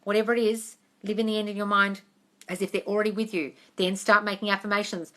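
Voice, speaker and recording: A woman's voice: medium pitch, little pitch movement, fast, pushed and bright. A woman answering viewers' questions on a casual livestream, frank and emphatic, swearing freely and calling everyone darling. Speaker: manifestation coach answering live questions.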